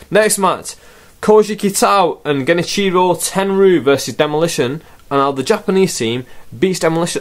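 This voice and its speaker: A man giving a rambling, sarcastic wrestling review and swearing freely. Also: medium pitch. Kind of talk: casual spoken review.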